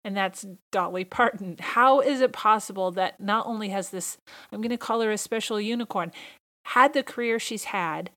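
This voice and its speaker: A woman's voice: mid-range voice, moderate pace, fairly bright tone. A woman hosting her own podcast in a casual solo monologue, talking with gushing enthusiasm. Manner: enthusiastic, gushing fan talk. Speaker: podcast host.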